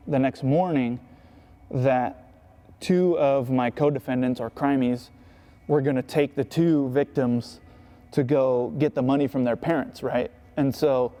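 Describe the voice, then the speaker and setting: A man's voice: medium pitch, mellow. A man recounting his past in an interview, talking casually and profanely, with "right?" and "you know" all through. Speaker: skateboarder.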